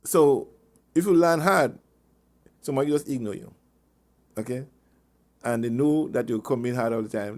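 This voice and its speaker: Male radio host, mid-pitched, rambling anecdotal advice, chuckles often, repeats himself. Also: normal speed, pauses often, a little mellow. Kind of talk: casual advice talk. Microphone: online meeting call.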